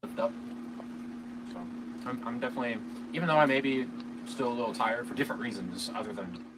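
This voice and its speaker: A man in a casual vlog giving relaxed, brief replies. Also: medium pitch, brisk, noisy background.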